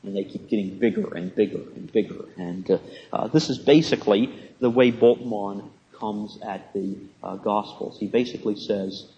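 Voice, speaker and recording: A man giving a classroom lecture in a measured, halting way, with frequent pauses and a dry sense of humor. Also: fairly low pitch, dark tone, lo-fi sound.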